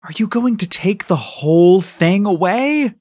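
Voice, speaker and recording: A man voicing an eager, restless young boy inventor in an audiobook, with excited, whining bursts. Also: a little high, a little slow, breathy edge, no echo, full character voice.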